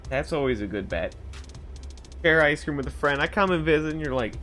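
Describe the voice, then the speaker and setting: A young man streaming a game, telling stories in a loose, rambling way, often laughing, swearing and jumping high when he quotes someone. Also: a little fast, slight background noise. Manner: animated storytelling, jumps to a high pitch for quoted voices, laughs often, swears. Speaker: gaming streamer. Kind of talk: casual rambling commentary while gaming. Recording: faint game music behind.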